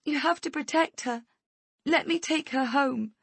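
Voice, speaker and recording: A desperate mother, voiced by a female narrator, pleading in a high, frantic rush. Her voice is raised and close, with a dry sound. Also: a little slow, creaky, fairly bright tone, dry recording, heavily acted.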